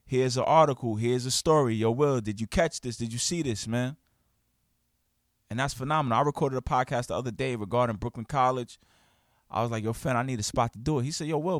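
A man hosting his own podcast, talking in an animated, emphatic, slangy way and acting out quoted friends. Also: medium pitch, no echo, clean studio sound. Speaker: podcast host. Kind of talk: casual podcast monologue. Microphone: studio podcast mic.

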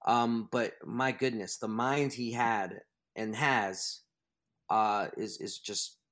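A man's voice: fairly low pitch, fairly even intonation, takes it slowly, fairly bright tone. A man being interviewed as an author, talking emphatically and at length, restarting his thoughts as he goes. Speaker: author and guest. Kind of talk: interview conversation.

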